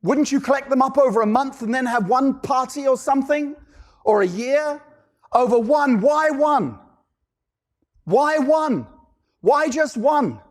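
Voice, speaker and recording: A man preaching a sermon, animated, firing off rhetorical questions and acting out characters. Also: extremely high pitch, normal speed.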